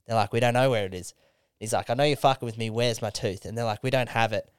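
A young Australian man hosting a podcast, telling a swearing-laden story with animated quoted voices. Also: mid-range voice, quick pace, clean tone, dry recording, clean studio sound. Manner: animated, swearing yarn-spinner acting out quotes. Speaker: podcast host. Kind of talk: casual storytelling chat.

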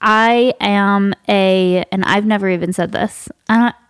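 A woman's voice: mid-range voice, fairly even intonation, measured pace, smooth, dry recording, studio quality. A woman hosting a podcast interview, talking openly and confessionally with many "like" fillers. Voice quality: frequent "like" fillers, open and confessional. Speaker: podcast host. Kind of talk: candid conversational interview.

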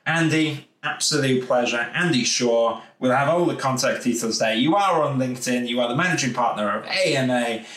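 Upbeat Welsh podcast host, roomy sound. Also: male voice, medium pitch, normal speed, hardly any pauses, fairly bright tone. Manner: upbeat, effusive, rambling. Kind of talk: casual interview wrap-up. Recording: roomy echo.

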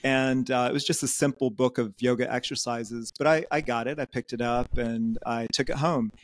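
A man being interviewed on a podcast, telling his story in a measured way with some fillers. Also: mid-range voice, fairly even intonation, dry recording. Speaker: podcast guest, yoga teacher. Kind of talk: casual interview talk. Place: Netherlands.

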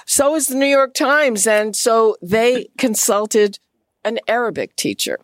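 Woman radio host, unhurried delivery, dry close sound, exacting about getting words right. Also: fairly high pitch, animated, no echo. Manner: measured, precise about pronunciation. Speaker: radio talk show host. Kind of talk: radio interview.

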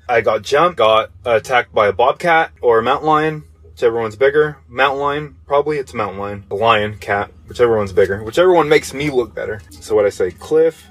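Husky male podcast host, casual profane storyteller, mid-pitched, faint music underneath. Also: no echo. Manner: profane, jokey, exaggerating.

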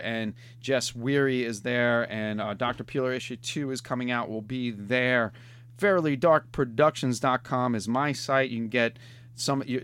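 A man's voice: mid-range voice, a bit bright, clear, resonant tone. A middle-aged man hosting a podcast in casual, rambling chat, often tacking on "man". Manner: rambling, laid-back, says "man" a lot. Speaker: podcast host.

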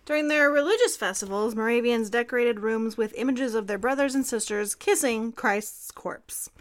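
A woman's voice: on the high side, a bit bright. A woman co-hosting a history podcast, reading scripted narration with dry, amused asides. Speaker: podcast co-host.

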